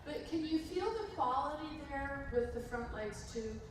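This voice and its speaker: In a riding arena, a woman coaches a dressage lesson, calling out instructions and encouraging praise. Her voice sits high with lively intonation and a slightly slow pace. The recording is echoey, distant, and noisy, with horse hoofbeats in the background.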